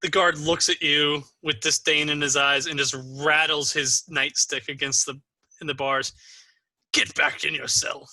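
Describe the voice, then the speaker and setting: A man's voice: fairly high pitch, level tone, moderate pace, bright, forceful tone, dry recording. A man acting as game master, patiently explaining the game and encouraging new players, with frequent ums.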